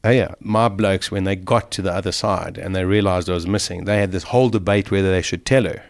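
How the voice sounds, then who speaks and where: A middle-aged man speaks as an interview guest, recounting his ordeal vividly and with feeling. His voice sits a little low. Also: fairly quick, vocal fry. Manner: emotional, vivid retelling of a survival ordeal. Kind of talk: storytelling in an interview.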